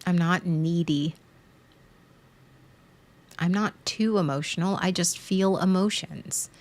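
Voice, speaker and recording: A woman's voice: lowish voice, slow, a little mellow. A woman hosting a podcast, talking through a frank, emotional monologue that rambles, restarts and repeats words as she goes. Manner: frank and emotional, swearing at times. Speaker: podcast host.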